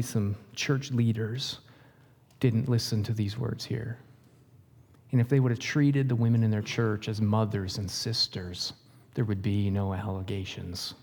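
A male pastor preaching a sermon in an animated way, with jokes and questions to the congregation. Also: medium pitch, long reverb tail.

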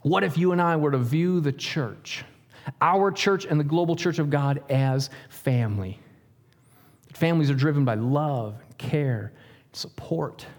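Male pastor, slightly high voice, lively sermon delivery with asides and humor. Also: unhurried, big-room sound. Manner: animated preaching with jokes and rhetorical questions.

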